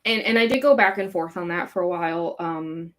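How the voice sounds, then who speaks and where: Young woman from chicago but sounds californian, valley girl vibe, giggles and rambles with tons of likes and ums, kinda low voice. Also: brisk, slight background noise. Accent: California-sounding American. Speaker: fanfic author hosting a live Q&A. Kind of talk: casual livestream chat.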